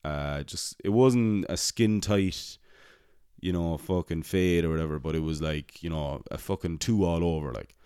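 A young man with a very deep, smooth and resonant voice tells a casual, rambling story. He swears freely and pokes fun at himself. The sound is dry and close to the mic. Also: normal speed, warm tone, dry recording. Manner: rambling, swears often, self-deprecating. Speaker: podcast host, cinema worker.

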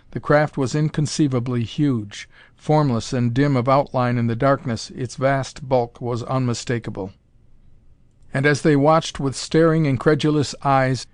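A man in the middle of his range narrates a story at a measured, plain pace. The recording is close and dry, with no room sound at all. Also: mid-range voice, no room sound. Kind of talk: storybook reading of pulp science fiction.

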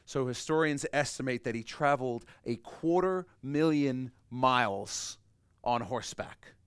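Male pastor, sermon, mid-pitched voice, dry close recording, repeats phrases, loud peaks and hushed drops. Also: unhurried, smooth, dry recording. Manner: builds to loud emphatic peaks, then drops to soft intimate lines; repeats key phrases for emphasis.

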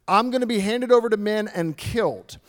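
A man voicing a calm male teacher who speaks of his coming death in casual modern words. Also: high voice, brisk, lightly acted. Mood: reassuring. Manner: plain, matter-of-fact, casual modern phrasing.

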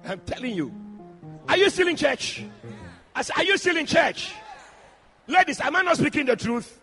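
A man preaching a sermon in church, shouting and calling out to the congregation. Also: very high voice, moderate pace, soft background music. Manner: shouting, animated, addressing the congregation directly.

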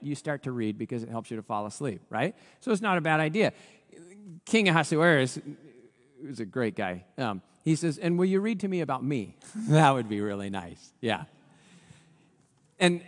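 Acting out every character, a pastor tells a story from the pulpit, his fairly high voice rising and falling widely with the drama of the tale. Each phrase is followed by long, church-hall reverb.

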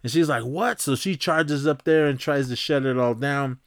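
A man recapping a film in a loose, chatty way, full of fillers and restarts, who jumps into higher, faster voices when quoting characters. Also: fairly even intonation, dry recording, studio quality. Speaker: podcast host recapping a film. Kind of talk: casual rambling recap.

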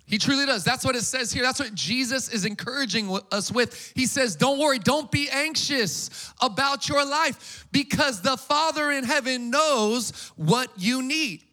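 A man preaching an Easter sermon to a congregation, energetic and casual, with call-and-response. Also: extremely high pitch, a little slow, few pauses. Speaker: pastor.

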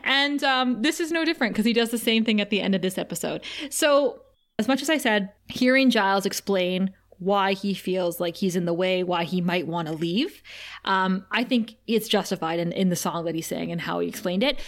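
A woman's voice: medium pitch, normal speed. A woman co-hosting a podcast, retelling scenes in casual chat and laughing often. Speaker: podcast co-host.

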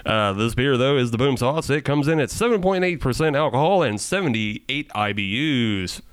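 A man's voice: medium pitch, animated, normal speed, smooth, no echo. A man co-hosting a casual beer podcast, joking, laughing often and swearing now and then. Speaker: podcast co-host introducing beers.

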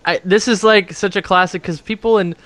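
A man hosting a podcast in casual chat, chatty and quick to interject. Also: high voice, steady tone, a bit bright. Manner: chatty, interjecting, uses "like" often.

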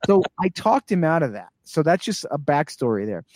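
A man with a fairly high voice tells a story at a casual pace, bringing it to life by acting out the voices of the people in it. The recording is dry and close, with no room sound. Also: moderate pace, no room sound. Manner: animated, acts out quoted voices. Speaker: guest.

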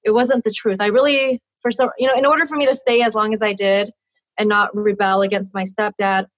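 A woman's voice: medium pitch, steady tone, fairly quick, no echo. A woman in her thirties, a guest, telling her own story candidly and animatedly, often laughing and acting out conversations. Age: 30s. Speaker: interview guest. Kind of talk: personal storytelling in an interview. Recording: dull dry lo-fi sound.

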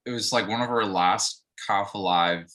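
A man with a bright, somewhat low voice talks earnestly in casual podcast chat. He fills his sentences with "like" and "you know" as he tells a story. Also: normal speed, low-quality recording. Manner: earnest, uses many fillers. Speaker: podcast co-host, campus minister.

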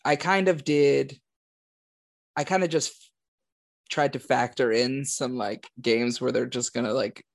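A man's voice: medium pitch, steady tone, a little slow, creaky, long pauses. A young man chatting casually about football predictions, thinking aloud with lots of fillers and restarts. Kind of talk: casual sports chat.

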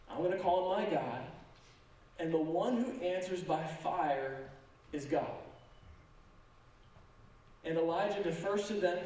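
A pastor preaching a sermon in an animated, joking manner with sarcastic asides. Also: male voice, high voice. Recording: echoey sanctuary, from a distance.

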